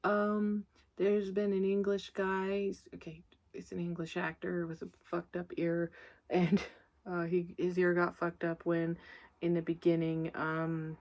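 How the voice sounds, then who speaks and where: A woman with a slightly low-pitched voice talks through a movie plot in a loose, chatty way. She swears freely, laughs at her own asides and wanders off on tangents before pulling herself back to the story. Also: monotone, a little slow, a little mellow. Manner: profane, candid, laughs often. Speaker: movie reviewer. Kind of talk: casual rambling movie recap.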